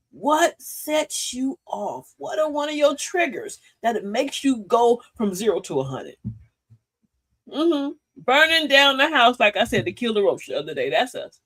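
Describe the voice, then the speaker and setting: Lively older woman hosting a talk. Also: fairly high pitch, husky. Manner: animated, preachy, playful with slang. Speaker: host of a live talk show. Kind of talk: motivational live-stream talk.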